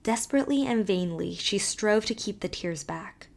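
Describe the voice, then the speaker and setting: A woman narrating a classic novel in a measured, expressive reading. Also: mid-range voice, gravelly. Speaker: audiobook narrator. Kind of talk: scripted narration.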